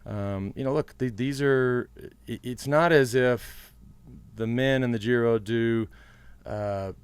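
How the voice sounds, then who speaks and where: A man's voice: mid-range voice, takes it slowly, clear, resonant tone, dry recording. A man co-hosting a casual podcast, talking bluntly and emphatically, often repeating words as he restarts his sentences. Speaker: podcast co-host, race analyst.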